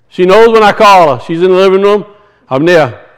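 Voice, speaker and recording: A man's voice: sits high, quick pace, fairly bright tone, clear, resonant tone, rough recording. A man preaching a sermon, telling folksy stories and reading scripture with rising emphasis. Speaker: pastor.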